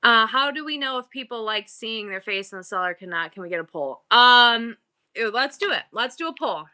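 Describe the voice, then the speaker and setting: A woman's voice: fairly high pitch, lively intonation, moderate pace, pushed and bright, clear, resonant tone. A middle-aged woman hosting a live-selling stream, bubbly and playful in an exaggerated customer-service voice, rambling between topics. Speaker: online live-selling host. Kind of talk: casual livestream chat.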